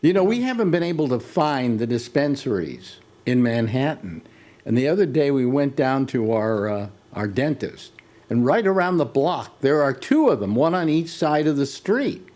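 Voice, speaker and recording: A man's voice: medium pitch, big pitch swings, moderate pace, a little mellow. An older man hosting a casual talk show, rambling through stories with many restarts. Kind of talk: casual chat.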